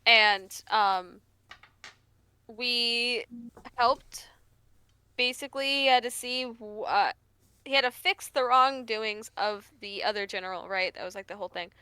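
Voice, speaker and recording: A woman player recapping a game session in casual chat, halting and searching for words. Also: fairly high pitch, bright, forceful tone, clean tone, dry recording.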